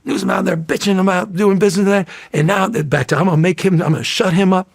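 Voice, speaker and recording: A man's voice: high voice, fast talker, vocal fry, pitched above the performer's own voice. A man impersonating a brash, profane old-school big-city mayor who boasts about shutting a critic up. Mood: mocking.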